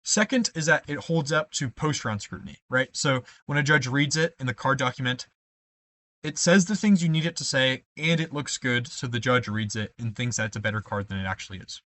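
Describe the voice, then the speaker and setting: A young man walks through debate evidence formatting in a tutorial voice. He explains step by step, dropping in ums and checking in with "right?" as he goes. His pitch sits in an ordinary middle range. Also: fairly quick, sharp tone. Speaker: debate coach. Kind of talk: screen-share tutorial.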